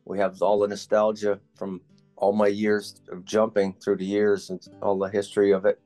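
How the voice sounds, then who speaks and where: Older guy in his 60s telling stunt stories, lowish voice, faint guitar behind. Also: completely flat delivery, moderate pace, darkish tone. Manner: folksy storyteller, laughs at his own tales. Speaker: retired motorcycle stunt rider. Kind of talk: casual reminiscing on a tour of his memorabilia.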